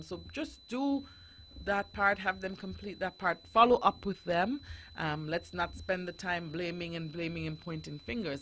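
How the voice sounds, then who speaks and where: Bright-voiced woman radio host. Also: deep voice, slight background noise. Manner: earnest, exhorting parents directly. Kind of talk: casual radio talk. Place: radio studio.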